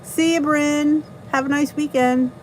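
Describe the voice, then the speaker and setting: A woman's voice: high voice, fairly even intonation, measured pace, slight background noise, low-quality recording. A middle-aged woman with a New Jersey accent, hosting a casual live stream, chatting, greeting viewers and laughing at herself. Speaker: channel host reading live chat.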